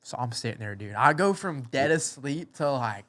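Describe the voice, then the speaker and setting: A man in his twenties, a podcast guest, telling a story in an animated, rambling way full of slang. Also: medium pitch, moderate pace, no room sound. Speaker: podcast guest, motocross racer. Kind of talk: casual storytelling.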